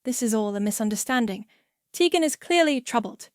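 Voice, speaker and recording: A woman's voice: on the high side, animated, a little fast, darkish tone, no room sound, studio quality, natural voice. A woman voicing a scheming young female office rival who pleads and protests in a storybook reading. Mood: defensive. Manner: pleading then defensive.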